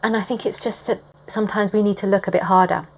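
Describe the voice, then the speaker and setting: Woman vlogger, mid-pitched and warm-hearted, reads scripture and then gushes about it. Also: steady tone, fast talker, poor audio. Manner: enthusiastic and gushing, laughs often. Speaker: Bible study vlogger. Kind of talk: scripture reading with reflective commentary.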